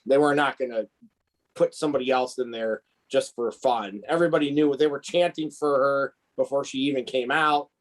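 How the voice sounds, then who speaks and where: A man's voice: mid-range voice, steady tone, moderate pace, low-quality recording. A man co-hosting a podcast, telling rambling stories in casual chat with many restarts. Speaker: podcast co-host.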